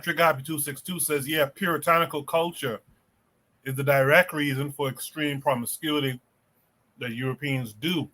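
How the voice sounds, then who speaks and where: Soft-spoken man reading chat comments. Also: fairly even intonation, normal speed. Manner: quiet, low-key, reads comments aloud. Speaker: podcast host reading chat.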